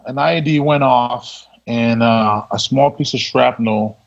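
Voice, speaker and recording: A man's voice: medium pitch, measured pace, gravelly. A man, a guest on a podcast, telling stories in a laid-back, casual way and laughing as he goes. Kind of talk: casual storytelling. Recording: dull lo-fi audio.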